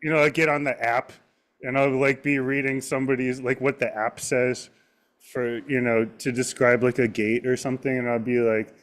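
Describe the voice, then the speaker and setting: A man's voice: medium pitch, level tone, moderate pace, fairly bright tone. A man co-hosting a casual chat, telling jokes and rambling stories. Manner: jokey, rambling storyteller. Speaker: co-host.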